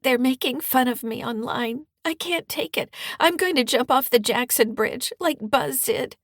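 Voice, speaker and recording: A woman voicing a distraught teenage girl who talks in a high-pitched, tearful wail. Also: steady tone, normal speed, slightly rough, no room sound, clean studio sound. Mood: weepy.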